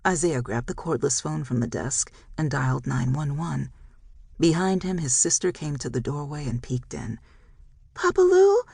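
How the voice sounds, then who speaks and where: An audiobook narrator reading a dramatic romance novel in a measured storytelling style. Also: mid-range voice, creaky, a little mellow, slightly rough, no echo, studio quality. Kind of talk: scripted narration.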